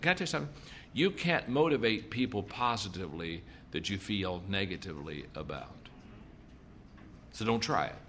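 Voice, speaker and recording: A man's voice: lowish voice, fairly bright tone, slight background noise. A middle-aged man giving a leadership seminar talk, telling folksy stories and repeating his points for emphasis. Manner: folksy storytelling, emphatic repetition. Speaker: leadership speaker.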